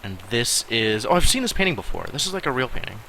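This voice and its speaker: Wry, bright-voiced man streaming a game. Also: mid-range voice, big pitch swings, quick pace, slight background noise. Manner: wry, musing asides with quiet mutters. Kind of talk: casual gameplay commentary.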